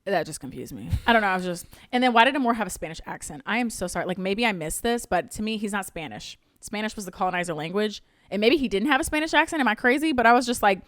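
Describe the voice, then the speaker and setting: Fast-talking young woman reviewing a movie. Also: mid-range voice, expressive, no room sound, studio quality. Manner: rambling, self-questioning, quotes her own reactions. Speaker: podcast co-host. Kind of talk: casual movie review chat.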